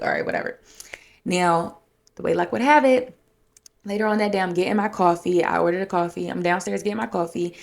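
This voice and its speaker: A woman sits at the mic recounting her week in a loose, chatty monologue. Her voice is low with a gravelly edge, and it jumps up whenever she acts out a quarrel. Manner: animated retelling, acting out quotes in a raised voice. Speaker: podcast host. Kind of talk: casual storytelling monologue.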